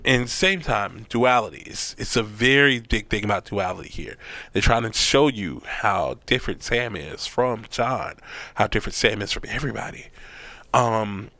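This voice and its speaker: A man giving a casual, profane recap of an episode, animated and acting out the quotes. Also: fairly low pitch, moderate pace, dry recording. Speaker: show recap host.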